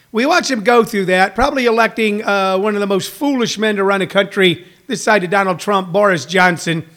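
A man with a notably high voice talks to his livestream viewers like a stand-up comedian. He riffs loosely, rambling through fillers as he jumps between bits. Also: pushed and bright. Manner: riffing, rambling, with frequent fillers and put-on voices. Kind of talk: casual comedic livestream chat.

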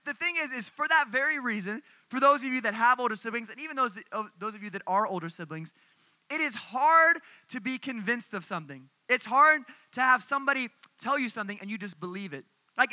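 Young male youth speaker, high voice, very bright tone, lively sermon storyteller. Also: no echo. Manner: animated storytelling to a crowd.

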